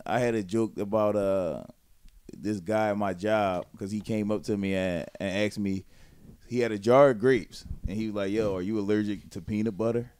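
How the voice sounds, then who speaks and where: A man's voice: on the low side, fairly even intonation, moderate pace, darkish tone, clean tone. A young man co-hosting a podcast, telling stories in casual banter, laughing often and swearing freely. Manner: laughing, profane storytelling. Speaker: podcast co-host.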